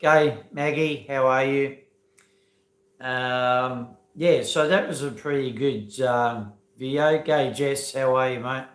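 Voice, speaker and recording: A man's voice: medium pitch, echoey room. An Australian man hosting a casual live stream, rambling with many ums and uhs and greeting viewers by name as he talks into a phone.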